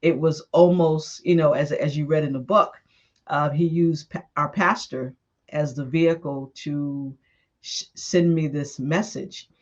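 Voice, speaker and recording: A woman's voice: low-pitched, unhurried, highs cut off. Candid middle-aged woman telling her story. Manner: candid and animated storytelling, acts out dialogue with laughs. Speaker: author and minister guest. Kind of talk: personal testimony in a podcast interview.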